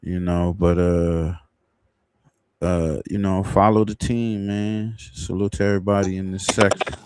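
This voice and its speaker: Low-voiced man rambling on a livestream. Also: level tone, a little slow, a little mellow, clear, resonant tone, dry recording, studio quality. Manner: loose, rambling, laughs at his own jokes. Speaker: livestream host. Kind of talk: casual livestream commentary.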